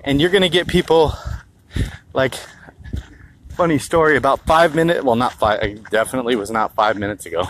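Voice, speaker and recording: A man's voice: medium pitch, steady tone, fairly quick, pauses often, a bit bright, slight background noise, poor audio. A man talking casually into his phone for his vlog, rambling and swearing as he tells a story. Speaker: health vlogger. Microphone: handheld phone held low.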